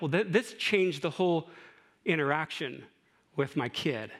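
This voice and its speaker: A man's voice: sits high, a little slow, fairly bright tone. A middle-aged man preaching a sermon in a conversational way, with asides and rhetorical questions. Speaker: pastor.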